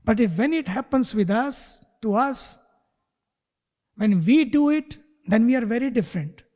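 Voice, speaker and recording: A man giving a spiritual talk who tells a story slowly and sometimes drops to a whisper. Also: very high-pitched, lively intonation, darkish tone, in a large hall. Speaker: spiritual teacher. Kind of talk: sermon with storytelling. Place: retreat hall.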